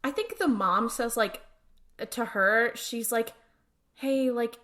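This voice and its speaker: A woman's voice: fairly high pitch, takes it slowly, bright, forceful tone. A woman co-hosting a podcast, chatting casually about a TV episode and thinking aloud as she goes. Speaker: podcast co-host. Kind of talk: casual rewatch podcast recap.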